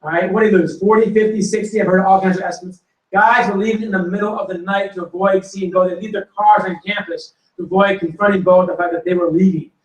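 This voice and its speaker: A man telling animated football stories to an audience and acting out quotes and punchlines. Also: high-pitched, fast. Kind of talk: storytelling to a live audience. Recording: roomy hall recording from a distance.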